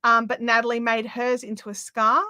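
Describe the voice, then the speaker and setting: A woman's voice: fairly high pitch, little pitch movement, normal speed, bright, forceful tone, dry recording. A middle-aged Australian woman hosting a craft livestream, chatting casually with lots of fillers and reading out viewer comments.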